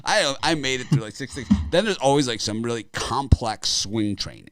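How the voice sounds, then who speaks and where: A man's voice: medium pitch, sing-song, moderate pace, gravelly, hardly any pauses, a bit bright, no echo. Rambling, chuckling middle-aged man. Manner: rambling, laughing often. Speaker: sports betting show host. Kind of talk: casual chat.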